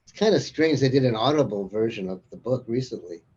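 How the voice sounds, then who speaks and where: A man's voice: medium pitch, lively intonation, quick pace, a little mellow, breathy edge, muffled recording. A man as an interview guest, chatting casually and rambling through anecdotes with frequent chuckles. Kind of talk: casual conversation.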